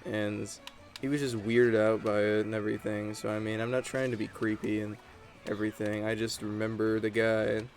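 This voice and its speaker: A man's voice: fairly low pitch, little pitch movement, moderate pace, hardly any pauses, soft background music. A man giving casual gameplay commentary, rambling and chatty as he tells stories while he plays. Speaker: gaming channel host.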